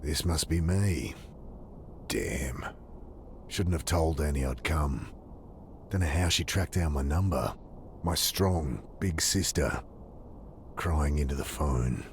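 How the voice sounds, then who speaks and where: An actor with an Australian accent playing a gruff, world-weary homeless drifter, narrating his thoughts in a game. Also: slow pace, slight background noise, exaggerated voice. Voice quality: low, dry, world-weary. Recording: game audio with music behind.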